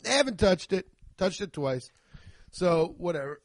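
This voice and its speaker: A man's voice: high-pitched, moderate pace. A man hosting a podcast, ranting casually and comically with lots of swearing and rambling asides. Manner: profane, rambling, animated. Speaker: podcast host. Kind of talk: casual comedic rant.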